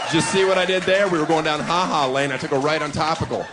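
A man's voice: a little high, fast, few pauses. Brash male stand-up comic, live crowd. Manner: brash, provocative, wry asides. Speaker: stand-up comedian. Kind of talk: stand-up routine. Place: comedy club stage. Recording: live club audience with noisy room.

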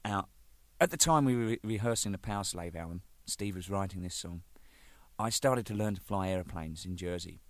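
A man's voice: deep voice, fairly quick, no echo. A man, a rock drummer, telling band anecdotes in a casual, swearing, laughing way. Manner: animated, swears freely, laughs mid-story.

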